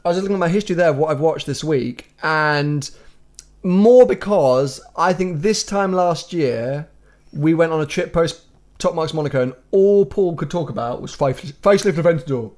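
A man's voice: a little high, moderate pace, a little mellow. Upbeat man hosting a podcast. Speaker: podcast host. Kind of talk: casual podcast chat.

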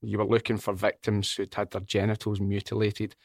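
A man with a lowish voice hosts a podcast interview. He asks his questions hesitantly and reflectively, often restarting as he gathers his thoughts. The recording is dry and close to the mic. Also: monotone, a little fast, gravelly, no room sound. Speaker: podcast host.

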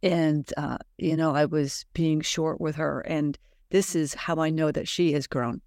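A woman's voice: deep voice, fairly even intonation, a little slow, darkish tone, no echo, clean studio sound. A middle-aged woman hosting a heartfelt podcast conversation, speaking earnestly and emphatically with spiritual encouragement. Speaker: podcast host.

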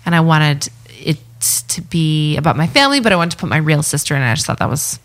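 A woman's voice: low voice, lively intonation, fast talker. A woman from Canada chatting as a guest, with dry jokes. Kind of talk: casual chat.

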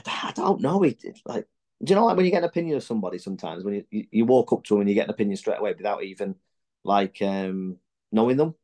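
A middle-aged man with a fairly low voice tells his stories bluntly and candidly, swearing freely. He often stumbles and restarts mid-sentence, like in a relaxed podcast chat. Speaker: podcast guest, former footballer. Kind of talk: casual chat.

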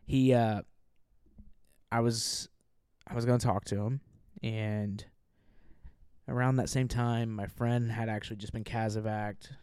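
A man's voice: lowish voice, measured pace, smooth, no echo, studio quality. A man in his thirties, a Marine veteran guest, telling stories in a casual interview and acting out the voices of people he quotes. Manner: animated storyteller, acts out quoted voices.

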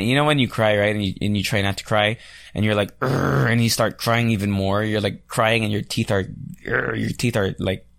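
Gravelly low-voiced man. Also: no room sound, studio quality. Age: 30s. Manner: rambling, chatty, swears freely. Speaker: podcast host and radio DJ. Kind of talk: casual solo podcast chat.

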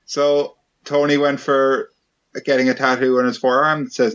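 A man's voice: mid-range voice, level tone, normal speed, fairly bright tone. Dry-joking man, lo-fi sound. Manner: dry, joking, reads out questions. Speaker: podcast host. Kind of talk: casual chat. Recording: dull lo-fi sound.

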